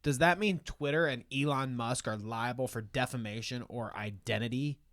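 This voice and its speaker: A young man co-hosting a casual podcast, recorded on a close mic in a dry room with no reverb. He tells stories at a quick clip, keeps his pitch in a middle range, and breaks into laughter often. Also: fairly bright tone. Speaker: podcast co-host. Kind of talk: casual chat.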